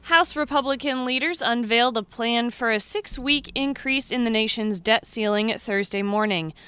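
A woman anchoring a radio farm news program, reading the stories in a steady, measured way. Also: fairly high pitch, clean tone, no room sound. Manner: steady, measured newsreader delivery.

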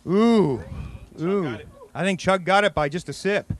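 A man's voice: sits high, unhurried. A man emceeing a contest, giving playful mock-sportscaster commentary and laughing along.

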